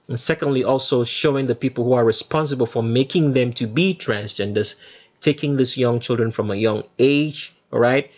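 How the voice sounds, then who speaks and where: A man's voice: medium pitch, a little mellow, highs cut off. A man hosting his own channel, talking emphatically in a solo monologue over pictures, with many fillers and restarts. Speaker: channel host.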